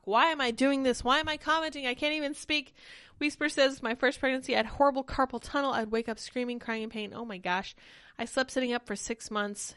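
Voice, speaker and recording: A woman's voice: fairly high pitch, dry recording, clean studio sound. A young woman hosting a livestream podcast, talking casually and animatedly, a little short of breath. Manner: chatty, animated, reads chat comments aloud. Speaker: podcast host.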